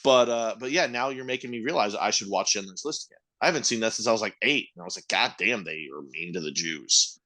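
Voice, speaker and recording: Lively bright-voiced young man rambling. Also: fairly low pitch, quick pace, few pauses. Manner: loose, rambling, swears freely. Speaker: podcast co-host. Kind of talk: casual chat.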